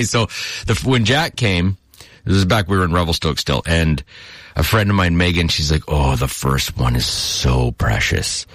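A man talks casually on a morning radio show. His voice sits a little low but swoops up and down a lot as he tells stories and laughs. The close, dry studio mic leaves no room sound. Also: no echo. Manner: chatty and animated, laughing, acting out quick voices in anecdotes. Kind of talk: casual on-air chat. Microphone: studio microphone.

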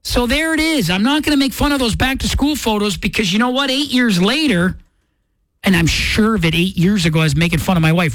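A man hosting a morning radio show, chatting casually in an animated, rambling, self-mocking way. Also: high-pitched, brisk, no room sound, poor audio. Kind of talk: casual on-air chat.

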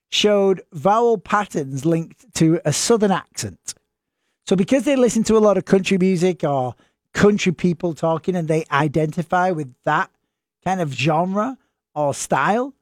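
A man's voice: high-pitched, darkish tone, no room sound, studio quality. A man with a northern English accent, chatting casually to camera in a rambling, self-deprecating way. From northern England.

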